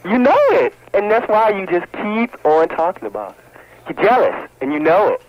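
Indignant male caller, high swooping voice. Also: sing-song, moderate pace. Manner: indignant, insistent, threatening. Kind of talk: comedy phone-in call. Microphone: phone line. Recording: dull phone-line audio.

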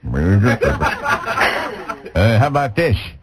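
A man's voice: medium pitch, huge pitch swings, slow, background noise. A man hosting a radio show, telling leering, rambling bawdy stories with chuckles. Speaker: radio host. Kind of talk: bawdy comedic radio talk. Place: radio studio. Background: music bed.

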